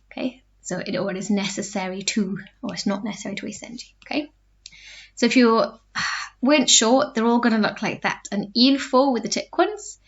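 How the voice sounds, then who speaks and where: A woman French teacher giving a recorded lesson, explaining step by step and repeating phrases slowly. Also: medium pitch. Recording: dull lo-fi recording.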